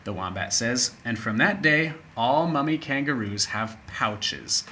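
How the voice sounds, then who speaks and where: Brief: man, teacher reading a children's story, expressive, explains slowly. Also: medium pitch, a little hiss or hum. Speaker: English teacher. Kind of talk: reading a story aloud to young learners.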